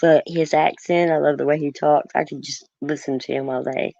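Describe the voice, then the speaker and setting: Woman, Oklahoma country accent, rambling, full of fillers, low voice, dry dull sound. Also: fairly even intonation, moderate pace, creaky, dark tone, no echo. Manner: rambling, hesitant with many fillers. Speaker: guest. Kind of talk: casual chat.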